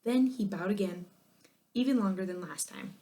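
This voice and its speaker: A woman narrating a children's chapter book in an expressive, lively way. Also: medium pitch, normal speed. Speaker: audiobook narrator. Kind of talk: children's storybook reading.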